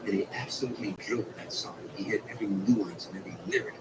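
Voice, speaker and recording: A man, an entertainer, telling a long anecdote about a night on tour in a slow, vivid way. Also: lowish voice, recorded from a distance, noisy background. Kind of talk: storytelling anecdote.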